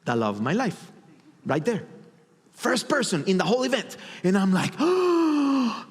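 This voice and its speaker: A man giving a motivational stage talk, telling a personal story in an animated way and acting out his inner voices. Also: sits high, moderate pace, husky. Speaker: motivational speaker. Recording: long hall reverb.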